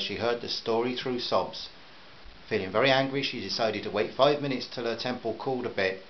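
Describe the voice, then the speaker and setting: A man reading a short story aloud in a measured, even storytelling manner. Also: on the low side, lo-fi sound, slight background noise. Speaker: narrator. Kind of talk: scripted narration.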